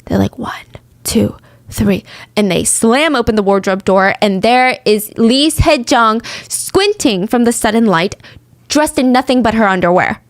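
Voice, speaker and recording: A young woman hosting a true crime podcast, telling the story casually with lively asides and acted-out quotes. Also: on the high side, moderate pace, dry recording.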